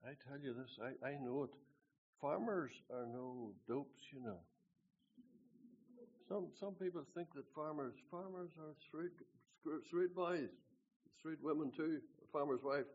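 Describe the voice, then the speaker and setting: Older guy rambling through an old story, husky voice, dull lo-fi sound. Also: a little high, unhurried, darkish tone. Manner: rambling, repeats words, quotes scripture with emphasis. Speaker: storyteller recalling his conversion. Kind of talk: casual spoken testimony.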